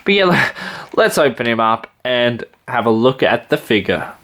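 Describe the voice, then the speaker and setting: Brief: Australian male toy reviewer, mid-pitched, chatty and excitable, rambles. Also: a little slow. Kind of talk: casual figure review.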